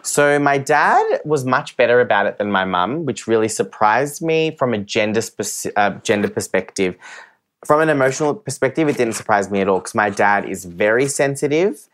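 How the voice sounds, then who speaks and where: A man's voice: mid-range voice, lively intonation, normal speed, fairly bright tone. A young man, a podcast guest, candidly telling a personal story and acting out the voices of others. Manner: open and emotional, acts out quoted voices.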